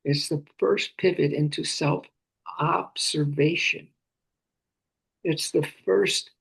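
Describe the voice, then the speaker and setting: A man leading a guided meditation, speaking slowly and often sinking into breathy whispers, repeating phrases and names softly. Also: fairly high pitch, fairly even intonation. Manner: slow, drifting into breathy whispers. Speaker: meditation teacher.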